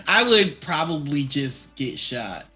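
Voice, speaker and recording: A man's voice: a little high, sing-song, pushed and bright, soft background music. A man chatting casually who jokes and laughs easily. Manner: slow, joking, laughs easily. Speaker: chat show panelist. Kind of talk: casual chat.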